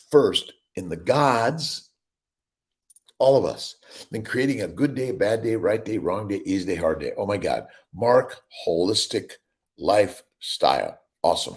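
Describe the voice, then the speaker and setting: A man's voice: fairly low pitch, very animated, unhurried, creaky, darkish tone. A middle-aged male doctor hosting a casual morning livestream, rambling and upbeat as he greets viewers by name. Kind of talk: casual livestream chat reading viewer comments.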